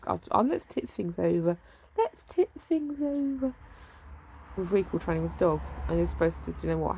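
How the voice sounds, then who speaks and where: A woman's voice: fairly low pitch, gravelly, dark tone, a little hiss or hum. A woman rambling casually to herself in a vlog, muttering and trailing off. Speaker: vlogger.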